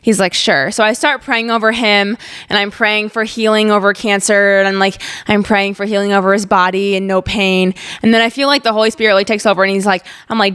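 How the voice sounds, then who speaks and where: Fairly quick and smooth, her mid-range voice carries a chatty personal story full of "like"s. She's a young Ozarks woman in her twenties hosting a podcast, candid and expressive.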